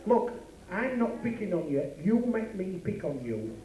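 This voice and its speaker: A man's voice: high voice, sing-song, normal speed, mellow. A man with a Yorkshire accent working as a club comedian and compère, teasing his stage partner with brash banter. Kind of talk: live club comedy double act. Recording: echoey club recording from far off. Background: live audience.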